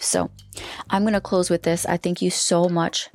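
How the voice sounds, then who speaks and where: A woman's voice: lowish voice, steady tone, moderate pace, darkish tone, no room sound, faint music behind. A woman hosting a solo coaching podcast, talking loosely with restarts and now and then dropping into a whisper. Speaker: podcast host and life coach.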